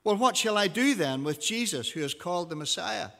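A man's voice: high voice, animated, a little fast, gravelly, a bit bright, full character voice. A man reading the lines of a stern, weary male Roman governor in a scripture reading. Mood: questioning. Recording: long reverb of a hall.

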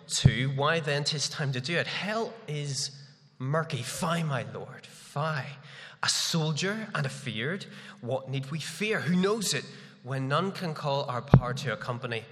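A man with a head cold reciting the lines of a guilt-tormented sleepwalking noblewoman, slow and halting in a dramatic reading. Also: mid-range voice, sharp tone. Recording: long reverb of a large hall.

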